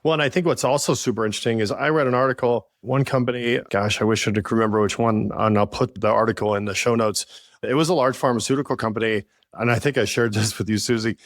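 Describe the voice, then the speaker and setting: A man's voice: medium pitch, steady tone, fast, no room sound, clean studio sound. A man co-hosting a business podcast, talking earnestly and telling stories from his work as a leader. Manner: earnest, storytelling with frequent "I think". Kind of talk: casual conversational podcast chat.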